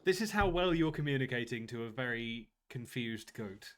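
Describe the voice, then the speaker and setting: A man narrating a tabletop game as game master, in a casual, halting way with lots of fillers. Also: medium pitch, expressive, fairly bright tone.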